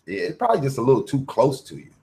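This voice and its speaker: A man's voice: medium pitch, very animated, very fast, vocal fry, warm tone. A man hosting a casual commentary livestream, talking in a profane, preachy, motivational way. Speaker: channel host.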